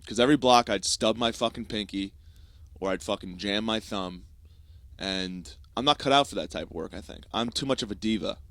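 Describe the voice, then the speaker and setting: A man's voice: fairly low pitch, moderate pace, a bit bright, dry recording. A young man from the United States hosting a podcast, telling a rambling, profane, self-mocking story in a casual comedic monologue. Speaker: podcast host.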